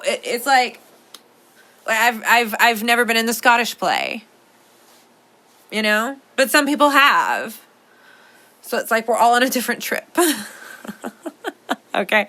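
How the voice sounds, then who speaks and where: A woman's voice: fairly high pitch, bright, forceful tone. A woman hosting a podcast in casual chat, rambling playfully with lots of "like" fillers. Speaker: podcast host.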